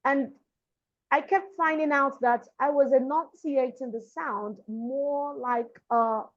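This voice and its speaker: A woman's voice: high-pitched, fairly even intonation, slow pace. A Nigerian woman who grew up in Lagos, a diction and public speaking coach, explaining things emphatically and repeating her key points in an interview. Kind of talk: interview conversation. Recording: dull lo-fi sound.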